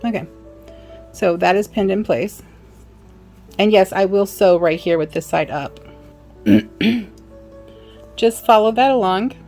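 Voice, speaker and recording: A woman's voice: on the low side, darkish tone. A woman giving a casual sewing demonstration, chatting and apologizing in asides as she works. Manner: chatty, apologetic asides, talks while working. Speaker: sewing instructor.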